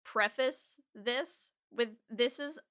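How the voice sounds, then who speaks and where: A woman's voice: fairly high pitch, slow, a bit bright. A woman co-hosting a podcast in playful, chatty talk, also reading a synopsis aloud. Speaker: podcast co-host. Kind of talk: casual podcast chat.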